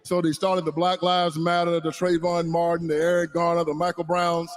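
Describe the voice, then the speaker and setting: High-voiced man speaking forcefully. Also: level tone, moderate pace. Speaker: panelist. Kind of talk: heated political panel talk.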